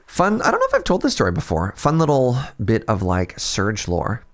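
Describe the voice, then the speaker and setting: A man's voice: mid-range voice, huge pitch swings, moderate pace. A man with a Canadian Pacific Northwest accent, chatting casually with viewers as he streams a fishing game, rambling and laughing often. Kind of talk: casual livestream chat with viewers.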